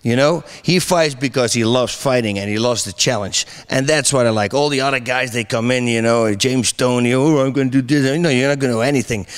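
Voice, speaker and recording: Animated middle-aged man telling stories. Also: mid-range voice, brisk, hardly any pauses, smooth. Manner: animated storyteller, laughs often, many restarts. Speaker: interview guest, MMA commentator. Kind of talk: casual interview chat.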